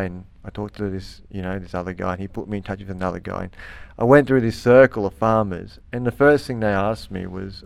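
A man's voice: low-pitched, fast, creaky, clear, resonant tone, no echo. A young man with an Australian accent telling his story casually in an interview, rambling with many restarts. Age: young adult. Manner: rambling, many restarts, lively when quoting others. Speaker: interview guest.

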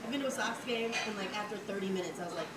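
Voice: mid-range voice, very fast, very noisy. A host running a casual interview with short prompting questions, sharing a few stories of their own.

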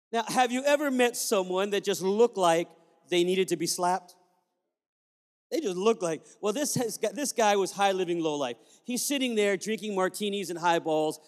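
A man's voice: sits high, long reverb tail. A man who is a pastor telling a story in a sermon, acting out the dialogue as he goes.

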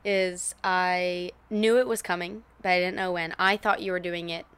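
A woman telling shared memories in a casual, animated way, laughing often and swearing now and then, close to a podcast microphone. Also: on the low side, moderate pace, smooth. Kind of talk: casual chat.

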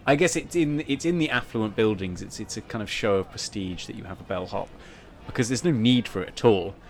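A man's voice: lowish voice, fairly quick, slight background noise. A man co-hosting a casual podcast, teasing his partner and laughing easily. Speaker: podcast co-host.

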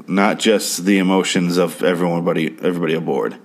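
A man's voice: low voice, animated, fairly quick. A man recapping a TV episode in a crude, sarcastic, rambling way, now and then mimicking characters. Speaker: TV show recapper. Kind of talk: casual spoken TV recap.

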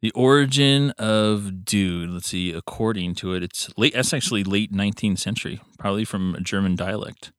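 A man's voice: fairly low pitch, moderate pace, hardly any pauses, dry recording. A man co-hosting a casual podcast chat in a studio, blunt and jokey, laughing a lot. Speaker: podcast co-host.

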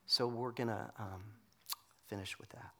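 A man's voice: mid-range voice, steady tone, measured pace, fairly bright tone. A middle-aged man preaching a sermon in a church, telling a story in a loose, chatty way with fillers. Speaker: pastor. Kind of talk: conversational sermon.

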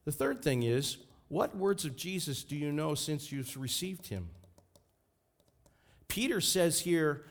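A man's voice: a little high, expressive, slow pace. A man preaching a sermon as pastor, fervent and emphatic.

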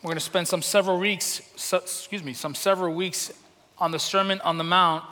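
Man, pastor, high voice, casual sermon, laughs a lot, long hall reverb. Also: steady tone, fairly quick. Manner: chatty, self-deprecating, laughs often; emotional, gets loud. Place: church hall.

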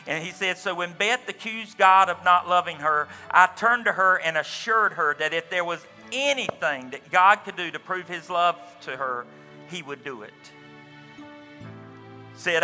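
A man's voice: a little high, normal speed, sharp tone, long reverb tail, faint music behind. A man preaching a sermon as pastor, telling a story with quoted dialogue and folksy asides. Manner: storytelling, retelling another man's account with quoted dialogue.

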